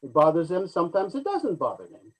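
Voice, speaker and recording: Chatty man, slightly high voice. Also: quick pace, rough recording. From United States. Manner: animated, chatty storyteller with frequent fillers. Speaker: actor guest. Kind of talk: casual interview chat.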